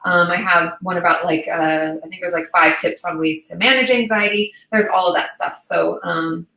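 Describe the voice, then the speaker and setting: Bright-voiced chatty woman therapist. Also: on the low side, steady tone, moderate pace, reverberant, rough recording. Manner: chatty and reassuring, many "um"s and "like"s. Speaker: therapist and channel host. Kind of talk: casual livestream chat answering viewer questions.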